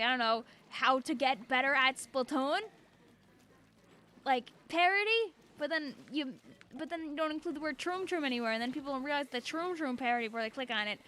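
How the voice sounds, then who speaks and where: A woman's voice: sits high, a little fast, pushed and bright, slight background noise. A young woman streaming a game, chatting casually and bubbly, laughing often. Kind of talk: casual gameplay chat.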